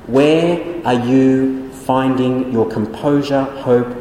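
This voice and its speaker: Australian preacher in an echoey hall. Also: male voice, medium pitch, slow, mellow, slight background noise. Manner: earnest, questioning, repeats key phrases. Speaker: pastor. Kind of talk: sermon. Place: church hall. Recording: echoey hall with long reverb.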